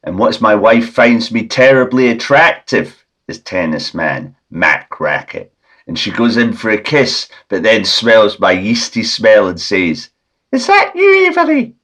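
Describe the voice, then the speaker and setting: A Scottish man hosting a comedy podcast with a deadpan, rambling absurdist monologue. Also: lowish voice, unhurried. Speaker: podcast host.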